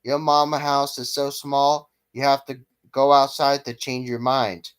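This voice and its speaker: A man vlogger reading jokes aloud from a list at a steady pace, stumbling now and then. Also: mid-range voice, measured pace, clean tone.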